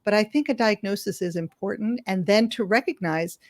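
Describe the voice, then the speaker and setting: Woman doctor guest, patient explainer, mid pitch, dry close mic. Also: brisk, a little mellow, no room sound. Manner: explanatory, frequent "like" and "right?". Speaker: palliative medicine physician, guest. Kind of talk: conversational interview.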